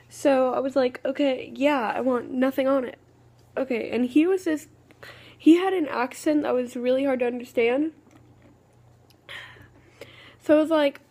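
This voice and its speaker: A vlogger with a high, slightly mellow voice tells a rambling, exasperated story in a casual video. She keeps starting over with "okay."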